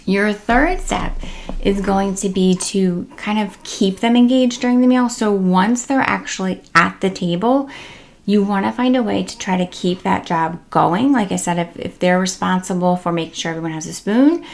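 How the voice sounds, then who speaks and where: A woman talks through parenting tips in a relaxed, chatty way, sprinkling in fillers and leaning on key words. Her voice sits in a middle pitch with a noticeable gravelly fry at the ends of phrases. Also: normal speed. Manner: chatty, with many fillers and upbeat emphasis. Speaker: parenting coach, host of a tips series. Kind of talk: casual instructional talk to camera.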